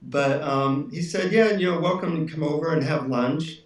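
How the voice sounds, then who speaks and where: A man's voice: on the high side, moderate pace, recorded from a distance. A middle-aged man, a self-help author being interviewed, telling a personal story in an earnest, reflective way. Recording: roomy, off-mic sound.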